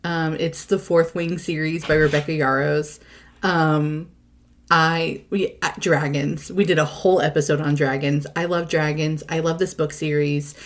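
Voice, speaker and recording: A woman with a lowish voice co-hosts a library podcast in easy, casual chat. She gushes with feeling, rushing some phrases and stretching others out. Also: steady tone. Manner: gushing, talks fast then drawls, emotional. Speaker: podcast co-host, library staff.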